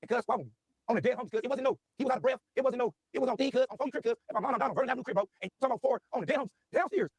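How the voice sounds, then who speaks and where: A man rants in a very high, strained register and fires his words off at a blistering pace, piling up slang and repeats. The sound is dry and close, with almost no room in it. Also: slightly rough, no echo. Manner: rapid, slangy, repetitive. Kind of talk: casual rant.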